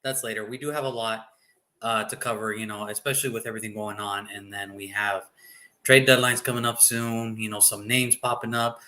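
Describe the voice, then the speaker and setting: A man's voice: fairly low pitch, steady tone, brisk, sharp tone. A man hosting a casual sports talk show, chatty and teasing, often repeating his phrases.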